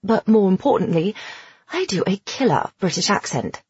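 Woman reading an upbeat teen theater girl, husky voice, dull lo-fi sound. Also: mid-range voice, animated, moderate pace, a little mellow, dry recording. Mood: friendly. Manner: upbeat, chatty. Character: friendly teenage girl, confident theater kid.

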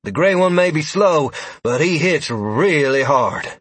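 A male narrator voicing an impatient blonde female adventurer in an audiobook, reporting in a brisk, clipped way. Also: low voice, expressive, husky, no echo, pitched above the performer's own voice, heavily acted. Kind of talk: audiobook character voice.

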